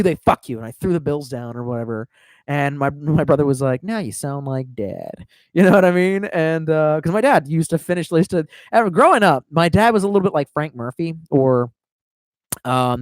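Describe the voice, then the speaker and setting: Man in his 30s, livestreamer, profane rambling storyteller, slightly high voice, dry close sound. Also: darkish tone, no echo. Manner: profane, rambling, laughs at own tangents.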